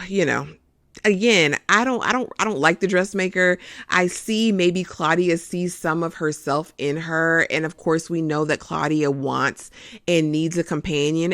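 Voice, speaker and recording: A host giving a casual, expressive recap of a TV episode, calling listeners "honey" as they go. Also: mid-range voice, dry recording, studio quality.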